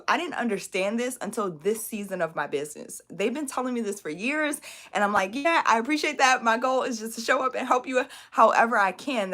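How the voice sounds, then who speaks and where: Bright-voiced woman coaching with emphatic encouragement. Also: mid-range voice. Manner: emphatic, encouraging, repeats tag questions like "okay?" and "right?". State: emotional, near tears. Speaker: business coach. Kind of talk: live-stream motivational talk.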